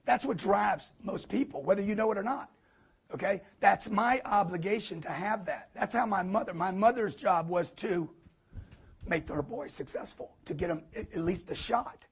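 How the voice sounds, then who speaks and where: A man giving a live motivational sales talk to an audience, emphatic and preachy, with punchy repetition and quick acted-out quotes. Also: high voice, vocal fry, breathy edge. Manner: acts out quotes in put-on voices.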